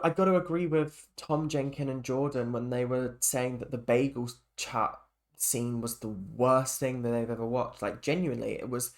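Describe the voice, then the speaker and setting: Chatty man ranting about TV. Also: medium pitch. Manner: rambling, chatty, frequent fillers and restarts. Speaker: reality TV reaction vlogger. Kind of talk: casual opinion rant.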